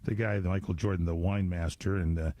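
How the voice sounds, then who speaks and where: A man's voice: deep voice, steady tone, brisk, dark tone, no echo. A man hosting a local radio interview, talking in a chatty, rambling way with lots of restarts. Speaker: radio show host.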